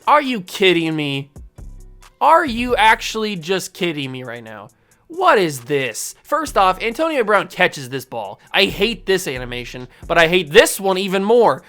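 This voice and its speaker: A man's voice: high-pitched, big pitch swings, a little slow, soft background music. Exasperated man ranting over gameplay. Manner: exasperated ranting with sudden shouts. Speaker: gaming channel host. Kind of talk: live gameplay commentary.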